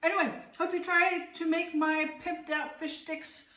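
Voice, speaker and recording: A woman's voice: extremely high pitch, flat delivery, a little slow, bright, forceful tone, far from the mic. A woman chatting casually in a home cooking vlog, rambling and candid as she tastes and critiques her own food in her kitchen. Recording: roomy kitchen, voice off-mic.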